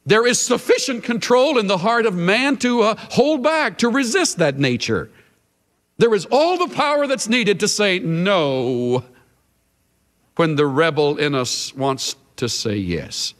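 Slow, emphatic preacher man in a hall. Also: high voice, big pitch swings, a bit bright. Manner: emphatic, dramatic shifts of emphasis. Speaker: Bible teacher. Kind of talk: sermon.

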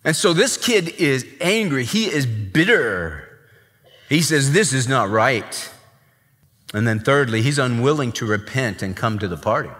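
A man preaching a sermon as pastor, emphatic and animated. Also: medium pitch, normal speed, in a large hall.

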